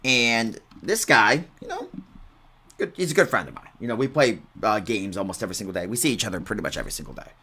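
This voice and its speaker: A man's voice: lowish voice, expressive, fast, pushed and bright, slight background noise. A young man telling rambling, casual stories at halftime of an online game broadcast, with bursts of exaggerated outrage.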